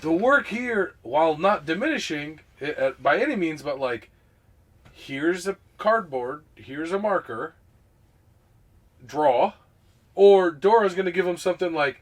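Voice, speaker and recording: A man with a slightly high voice talks casually on a podcast. He rambles through his points with frequent restarts and filler words. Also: animated, a little slow. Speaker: podcast co-host.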